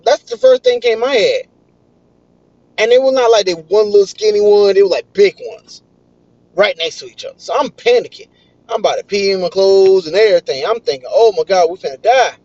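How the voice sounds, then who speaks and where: A young man, excitedly telling a story in casual vlog style. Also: high voice, fairly quick, dry recording. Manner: excitable, animated retelling. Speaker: vlogger. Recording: dull, lo-fi dry recording.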